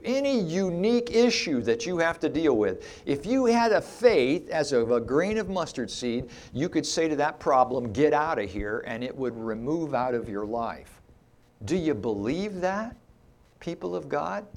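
A middle-aged man with a fairly high, creaky voice preaches an expository sermon. He teaches emphatically and poses rhetorical questions to his listeners.

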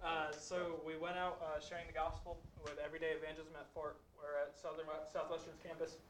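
A man's voice: on the high side, flat delivery, a little fast, a bit bright. A young man from the congregation telling a personal story about sharing the gospel. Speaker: church member sharing a story. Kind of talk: personal testimony. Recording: roomy, faint background noise.

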